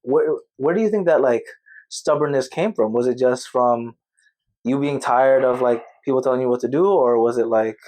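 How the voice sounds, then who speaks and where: A man's voice: mid-range voice, moderate pace, darkish tone, poor audio. Young man, podcast host, casual and supportive, lots of short backchannels. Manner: encouraging, frequent short backchannels. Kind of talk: casual chat.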